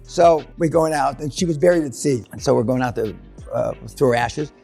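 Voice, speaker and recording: A man's voice: mid-range voice, moderate pace, creaky, mellow, breathy edge, faint music behind. An older man giving a seminar, telling stories in a blunt, crude, swearing way in a large room. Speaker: seminar speaker. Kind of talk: profane seminar storytelling.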